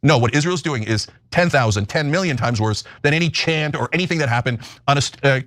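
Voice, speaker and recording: Fast, fired-up male political ranter. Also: mid-range voice, lively intonation, fairly bright tone, no echo, studio quality. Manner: impassioned, ranting, sarcastic. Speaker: political show host. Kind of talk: heated political commentary.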